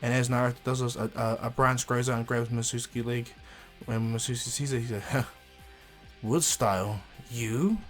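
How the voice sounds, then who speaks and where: A man's voice: medium pitch, completely flat delivery, fairly quick, few pauses, faint music behind. A man casually retelling a fan story, rambling with frequent fillers and restarts.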